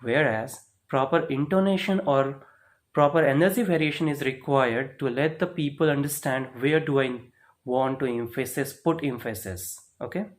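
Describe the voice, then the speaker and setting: Guy teaching a speaking lesson, mid pitch, keeps asking right? okay?. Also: normal speed. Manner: explains step by step, asks "right?" and "okay?" often. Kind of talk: spoken English lesson.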